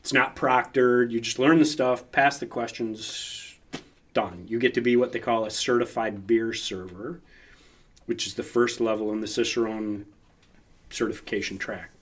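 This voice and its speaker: A man calmly explaining beer styles and certification in a casual chat, step by step. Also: medium pitch, normal speed, slightly rough. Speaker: beer expert guest.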